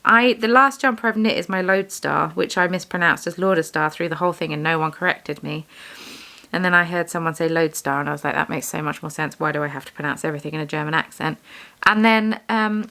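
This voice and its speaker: Chatty woman with a gravelly edge. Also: on the low side, sharp tone. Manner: rambling, self-deprecating, chatty. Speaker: vlogger, yarn dyer and shop owner. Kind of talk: casual chat while bead weaving.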